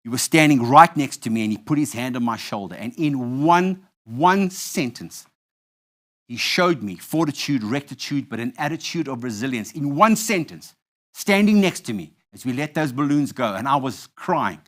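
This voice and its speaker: A man's voice: mid-range voice, lively intonation, normal speed. A man from South Africa hosting a live awards event on stage, telling a story with a comic twist before announcing winners. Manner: storytelling, playful, shifts to loud hype when announcing. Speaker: awards host.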